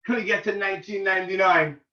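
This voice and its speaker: A man, a rabbi, giving an animated informal talk to students, getting loud and excited as he tells a story. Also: high voice, fairly quick. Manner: excitable, shouts and cracks when reliving a game. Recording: roomy, distant, dull lo-fi sound.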